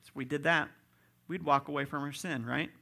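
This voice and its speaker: Bright-voiced pastor preaching emphatically. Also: male voice, fairly high pitch, steady tone, a little fast, vocal fry. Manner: rising to loud emphatic peaks; direct, addresses congregation as folks. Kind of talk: sermon.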